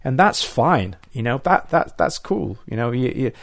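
A man's voice: medium pitch, big pitch swings, moderate pace, gravelly, dry recording. A man hosting a podcast, chatting casually and encouragingly with his guest and listeners. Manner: upbeat, encouraging. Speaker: podcast host. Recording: dry close sound.

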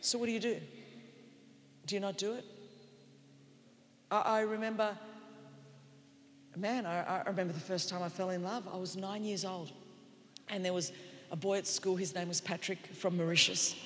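A woman evangelist with an Australian accent preaching a sermon in church, moving from quiet reflection to shouted, emphatic declarations. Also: mid-range voice, fairly even intonation, moderate pace, pauses often, in a large hall, slight background noise. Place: large church hall.

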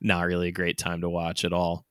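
Man, podcast co-host, casual chat, bright tone, dry close sound. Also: sits low, a little fast, clean tone, no room sound. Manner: laughs often, loose and animated, lots of fillers.

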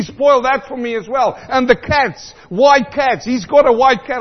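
A man from South Africa preaching a sermon, animated, repeating lines for emphasis and acting out the voices he quotes. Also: very high-pitched, moderate pace, few pauses. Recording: dull sound in a large reverberant hall.

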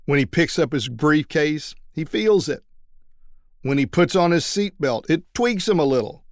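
A trial lawyer teaching other lawyers how to persuade juries, telling a story and acting out everyday quotes. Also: male voice, a little high, expressive, measured pace, no room sound, studio quality.

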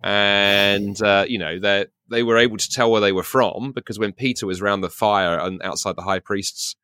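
A man's voice: fairly low pitch, fairly even intonation, sharp tone, clear, resonant tone, no room sound, clean studio sound. A man from South London with a Received Pronunciation English accent, co-hosting a podcast in a playful, chatty way, full of restarts and asides. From South London, England. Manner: rapid, chatty, many restarts and "you know"s, playful. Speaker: podcast co-host. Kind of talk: casual chat.

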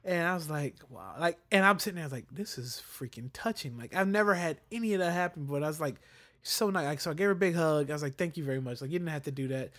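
A man's voice: fairly high pitch, fast, a bit bright. A young adult man telling a story in a casual chat, acting out the voices of the people in it. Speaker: podcast co-host.

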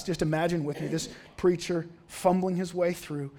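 A man's voice: a little high, steady tone, normal speed, few pauses, dark tone. A man preaching a sermon in a church, telling a story and reading its quotes aloud with drama. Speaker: pastor.

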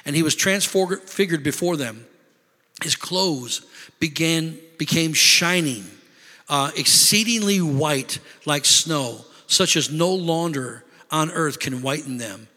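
Speaking slowly in a fairly high, sharp-toned voice, a pastor delivers his sermon. He calls for amens and prompts the congregation to respond, and a large hall's long reverb trails his words.

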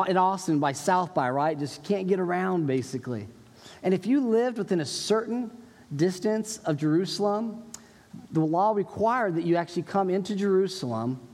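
High-voiced pastor in a reverberant hall. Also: male voice, a little mellow. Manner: conversational, explanatory preaching with quoted voices. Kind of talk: sermon.

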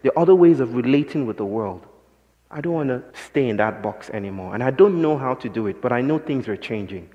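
A man's voice: medium pitch, animated, fairly quick, mellow, highs cut off. A man giving a reflective, poetic public talk to an audience, musing and then pressing points with passion. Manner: poetic, musing, builds to impassioned emphasis. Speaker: invited speaker. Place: lecture hall with audience. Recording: reverberant hall.

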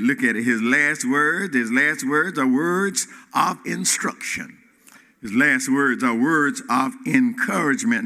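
Man preaching, bright voice, echoing church hall. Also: fairly high pitch. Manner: rhythmic preaching with sudden rises and drops, calls to the congregation. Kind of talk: sermon. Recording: reverberant hall.

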